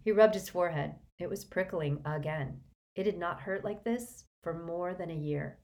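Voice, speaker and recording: A woman narrating a storybook in an expressive reading style. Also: lowish voice, normal speed. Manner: expressive, shifts voices for characters. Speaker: audiobook narrator.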